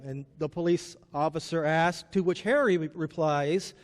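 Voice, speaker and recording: High-voiced pastor preaching in a chapel. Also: male voice, normal speed, few pauses, in a large hall. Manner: storytelling, conversational. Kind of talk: sermon.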